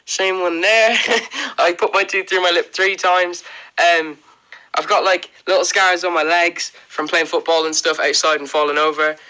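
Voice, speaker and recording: Bright-voiced Irish lad chatting to viewers. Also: male voice, high-pitched, fairly even intonation, normal speed, clean tone, poor audio. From Ireland. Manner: chatty, rambling, frequent "um" and "like", laughs often. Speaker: livestream host. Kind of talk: casual livestream Q&A, reading out viewer comments.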